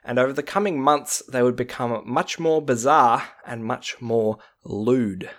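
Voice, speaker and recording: A man's voice: mid-range voice, unhurried, fairly bright tone. Wry young Australian man presenting. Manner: wry, tells researched stories with jokes. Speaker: podcast co-host. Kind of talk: casual podcast chat and reading research.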